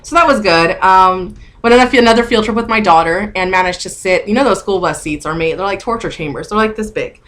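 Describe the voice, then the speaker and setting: A woman's voice: mid-range voice, fast, hardly any pauses, fairly bright tone. A woman in her thirties chatting candidly to her camera in a casual vlog, open and emotional as she talks. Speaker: vlogger.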